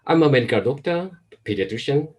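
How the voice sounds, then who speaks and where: A man with an accent mixing Chinese, Japanese and American, giving a measured talk over a video call. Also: mid-range voice, animated, darkish tone, slightly rough, low-quality recording. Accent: mix of Chinese, Japanese and American. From Hong Kong. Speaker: invited speaker, pediatrician and virus researcher. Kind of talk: online presentation talk.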